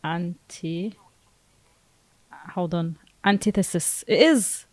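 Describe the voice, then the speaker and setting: A woman co-hosting a podcast, chatting casually with quick back-and-forth and playful teasing. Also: mid-range voice, no echo. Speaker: podcast co-host. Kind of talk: casual chat.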